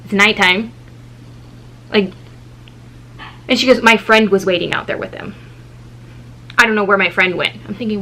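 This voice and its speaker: A woman in her thirties, a mother and vlogger, telling a story in a casual, animated way and acting out the people in it. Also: moderate pace, pauses often, slight background noise, low-quality recording. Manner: animated, acts out quoted people with shifting pitch.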